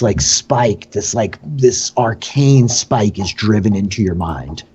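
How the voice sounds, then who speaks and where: A man narrates a tabletop game as game master, rambling casually with lots of "like." His voice is fairly low and husky. The recording sounds dull and lo-fi. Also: animated, slow, hardly any pauses, a little mellow.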